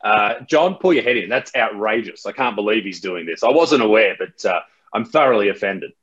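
A man's voice: on the low side, expressive, fairly quick, a bit bright, breathy edge. Laid-back Australian man, lo-fi sound. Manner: laid-back, self-mocking, many restarts. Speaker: guest. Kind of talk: casual interview chat.

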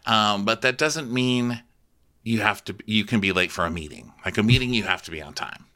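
A man co-hosting a comedy podcast, recapping a reality show in casual chat and often mimicking people in a high voice. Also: moderate pace, pushed and bright. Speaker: podcast co-host.

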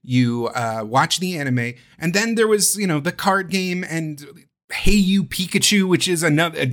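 A man hosting a casual podcast about video games, talking in an animated, rambling way and swearing freely. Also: on the high side, normal speed. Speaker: podcast host. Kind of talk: casual chat.

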